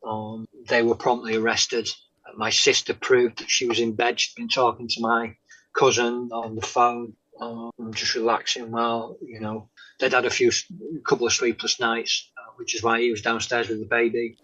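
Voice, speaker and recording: Halting man, bright tense voice. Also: medium pitch, flat delivery, husky. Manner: halting, many pauses and "um"s, drops to soft tones. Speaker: guest sharing a faith testimony. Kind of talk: conversational interview testimony. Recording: dull lo-fi sound.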